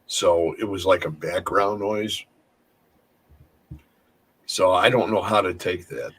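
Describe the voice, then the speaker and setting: Man, low voice, husky, rambling casual storytelling, halting restarts. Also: fairly even intonation, a bit bright, low-quality recording. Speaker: paranormal investigator.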